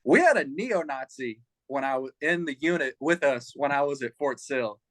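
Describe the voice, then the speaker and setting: A man from Louisiana with a Southern accent, an Army veteran guest telling lively stories in a casual interview. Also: mid-range voice, moderate pace, dry recording. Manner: animated, laughing storyteller. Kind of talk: casual storytelling.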